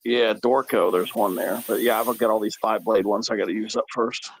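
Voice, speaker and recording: A man's voice: fairly low pitch, steady tone, moderate pace, slight background noise, low-quality recording. A man on a casual live chat, curious and full of questions.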